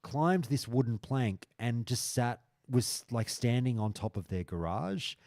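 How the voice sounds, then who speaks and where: A man's voice: medium pitch, a little slow, dry recording, studio quality. A man hosting a stream, chatting casually with his viewers and telling stories full of swearing. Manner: frequent swearing, animated storytelling. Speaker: stream host. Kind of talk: casual chat with live chat.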